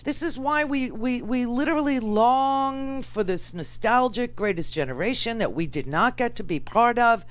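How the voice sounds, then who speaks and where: A woman's voice: a little high, moderate pace, hardly any pauses, no room sound. Brash sarcastic New woman radio host. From New York. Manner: brash, sarcastic, animated with frequent fillers. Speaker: radio talk show host. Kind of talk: political commentary monologue.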